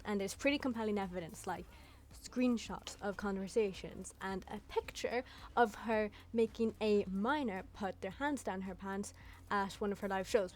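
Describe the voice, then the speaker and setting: A young woman giving casual, blunt commentary in a chatty vlog style, swearing freely. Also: mid-range voice. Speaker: YouTube commentator.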